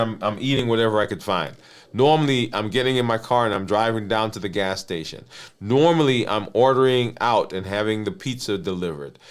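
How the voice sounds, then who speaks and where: A man's voice: mid-range voice, clear, resonant tone. A man, a physician and health coach, giving an earnest teaching monologue, often checking in with "right?" and restarting his phrases.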